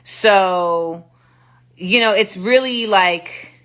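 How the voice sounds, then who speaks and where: A woman hosting a casual livestream chat, telling stories in an animated way and acting out the exchanges with blunt profanity. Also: medium pitch, extremely slow. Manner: animated storytelling, acts out quoted exchanges with profanity. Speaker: livestream host. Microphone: phone livestream.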